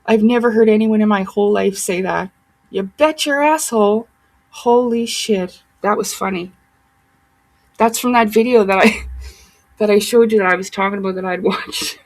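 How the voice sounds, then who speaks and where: Woman vlogger, mid-range pitch, lots of vocal fry, profane, rambling rant. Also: steady tone, moderate pace, poor audio. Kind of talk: casual ranting monologue.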